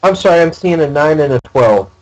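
A man playing a tabletop game, chatting casually and quick to correct the others on the rules. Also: a little high, animated, a little mellow, highs cut off. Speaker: player.

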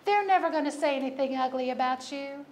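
A woman's voice: sits high, fast talker, a little mellow. A woman pastor preaching a sermon, telling a personal story with humor and emphatic repetition.

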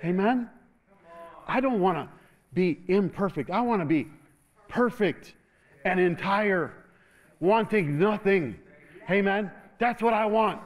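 A man preaching an energetic sermon as pastor in a church, calling for responses and laughing often. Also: sits high, takes it slowly, long pauses.

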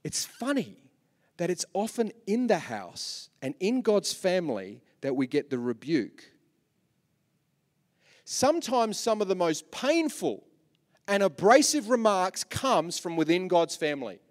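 A man with an Australian accent preaching a sermon as pastor, animated, swinging from soft asides to loud repeated lines. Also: high-pitched. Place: large church hall. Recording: long reverb of a church hall.

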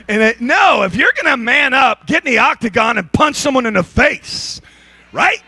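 A male pastor preaching an energetic, joking sermon at a church service. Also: very high-pitched, moderate pace, dry recording.

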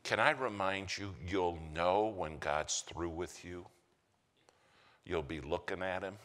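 A man's voice: sits low, takes it slowly, a bit bright. A man preaching a storytelling sermon with dramatic delivery that drops to a whisper for emphasis. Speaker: guest preacher. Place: large church sanctuary. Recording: long church reverb.

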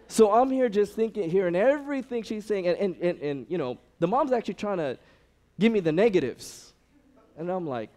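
Guy preaching casually w a pretty high voice, lots of "you know", acts out the people in his stories. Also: a little fast. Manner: animated storytelling, acts out quoted people; conversational, frequent fillers. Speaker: youth ministry director. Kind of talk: sermon-style talk.

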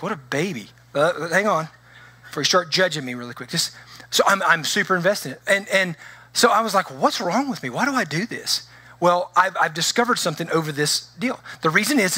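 A man pastor preaching a conversational, animated sermon in a church, with frequent restarts. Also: fairly high pitch, no echo. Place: church sanctuary.

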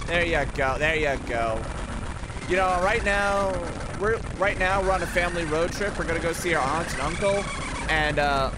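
A woman streaming a game, swearing freely and excitedly mocking the characters as she plays. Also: low-pitched, heavy background noise. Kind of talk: let's play commentary. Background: loud game music.

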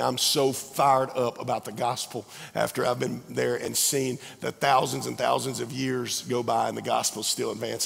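A hoarse man, losing his voice, preaching an earnest, pleading sermon as a pastor. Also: mid-range voice, a bit bright. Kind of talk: sermon altar call. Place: large church sanctuary. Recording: long reverb of a large church.

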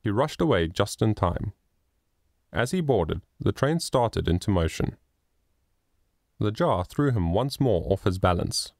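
A man narrating a moral children's story in a measured, expressive reading. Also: lowish voice, vocal fry, dry recording, studio quality. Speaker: audiobook narrator.

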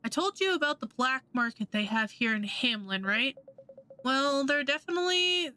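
A woman voicing a cocky young male thief in a game, hushed and brusque. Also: high-pitched, expressive, moderate pace. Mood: scheming.

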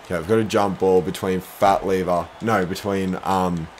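Excitable young man streaming a basketball game. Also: low voice, moderate pace, slight background noise. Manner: excitable, groaning, self-deprecating, bursts into shouts. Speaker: gaming streamer. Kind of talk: live gameplay commentary.

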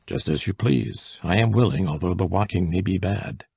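Man doing an offhand aristocrat count for a storybook, husky and gravelly. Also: deep voice, normal speed, a little mellow, no echo, clean studio sound, heavily acted. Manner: amused, offhand. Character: mocking aristocratic male count, easygoing.

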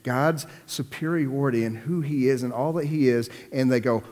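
A man preaching a sermon, repeating words for emphasis and swinging between loud, raised lines and hushed ones. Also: medium pitch, normal speed, few pauses, in a large hall. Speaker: pastor.

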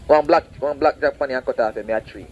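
A man's voice: mid-range voice, quick pace, muffled recording. A man preaching outdoors on a roadside, fervent and repetitive, warning and pleading with passersby. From Saint Vincent. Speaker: street preacher. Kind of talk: open-air preaching.

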